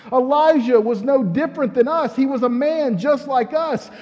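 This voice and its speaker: A man's voice: extremely high pitch, normal speed, darkish tone, long reverb tail, muffled recording. A man preaching a sermon in a conversational, storytelling way, asking the congregation questions as he goes. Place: church sanctuary.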